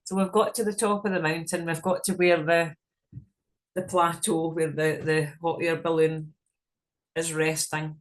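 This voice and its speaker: A woman's voice: sits low, flat delivery, measured pace. Woman, meditation guide, guided visualization, casual, frank, salty language. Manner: frank, casual, swears freely.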